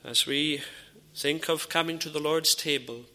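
A man preaching a sermon in an earnest, measured way, with frequent pauses and repeated phrases. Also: fairly high pitch, fairly even intonation, sharp tone, slight background noise. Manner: drops to a near whisper in dramatised dialogue.

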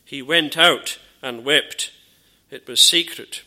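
A man preaching a sermon in an earnest, measured way, with frequent pauses and repeated phrases. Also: mid-range voice, pushed and bright. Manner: drops to a near whisper in dramatised dialogue.

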